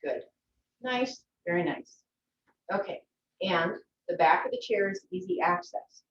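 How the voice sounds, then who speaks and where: A woman teaching a yoga class from home, giving gentle, encouraging instructions. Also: on the low side, unhurried, slight background noise. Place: her home. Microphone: video call from a distance. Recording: echoey, distant, dull video-call audio.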